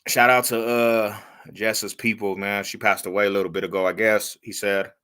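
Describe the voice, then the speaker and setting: A man hosting a podcast, telling stories in animated, slangy casual chat and laughing as he goes. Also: fairly low pitch, normal speed, smooth. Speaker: podcast host.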